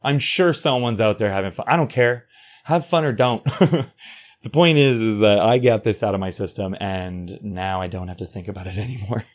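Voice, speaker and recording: A man in his thirties from North America hosting a solo podcast, talking casually, profanely and excitedly, jumping from loud bursts to quiet asides. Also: fairly low pitch, normal speed. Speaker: podcast host.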